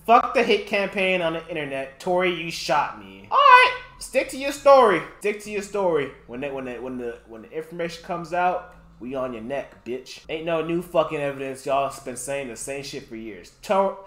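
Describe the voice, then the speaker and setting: A streamer reacts live, swinging his pitch wildly as he rants and swears at what he reads. His voice carries a noticeable echo, as if the room is bare. He keeps turning to address his chat directly. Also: normal speed. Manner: animated profane ranting, talks to chat. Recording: roomy echo.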